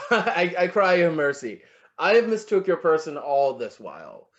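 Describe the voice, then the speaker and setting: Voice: medium pitch, sing-song, a little slow, highs cut off. An actor playing a lovestruck, flowery Shakespeare. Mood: wooing. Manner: florid, wooing, savoring words, muttering to himself. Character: lovestruck, flattering William Shakespeare, a playful poet. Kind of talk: amateur online stage play reading.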